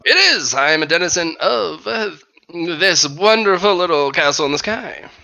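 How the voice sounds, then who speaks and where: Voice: mid-range voice, animated, moderate pace, sharp tone. A game master voicing a cheerful, theatrical male cider merchant obsessed with apples in a tabletop role-play. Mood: enthusiastic. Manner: theatrical, salesy, addresses customer grandly.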